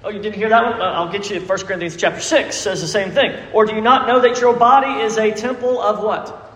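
A man's voice: sits high, fairly even intonation, brisk, a bit bright. A man preaching a sermon, emphatic and full of questions to the congregation. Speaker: pastor. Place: church sanctuary. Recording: echoey reverberant church hall.

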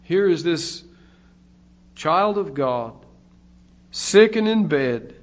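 A man preaching a sermon in a slow, deliberate way, his voice swelling louder on key phrases. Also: a little high, expressive. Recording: dull lo-fi recording.

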